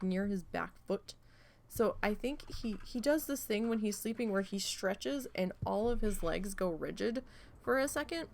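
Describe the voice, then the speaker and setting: A woman streamer chatting casually while gaming, rambling and swearing freely as she tells an animated story. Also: mid-range voice.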